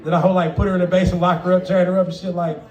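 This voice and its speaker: A man's voice: high voice, flat delivery, racing, echoey room, far from the mic. A man performing a profane stand-up comedy set, laughing often and acting out the people in his stories. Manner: profane, laughing, acts out quoted voices. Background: audience laughter.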